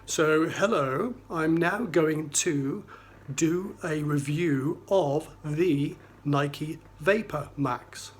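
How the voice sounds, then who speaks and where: A man's voice: fairly high pitch, drawn-out words. A man putting on a plummy posh southern English accent. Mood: mock posh. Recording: roomy echo.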